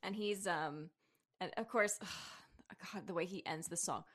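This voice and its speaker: A woman's voice: lowish voice, unhurried, fairly bright tone. A woman co-hosting a podcast, recapping a show in giggly, playful chat. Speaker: podcast co-host. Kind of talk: casual chat.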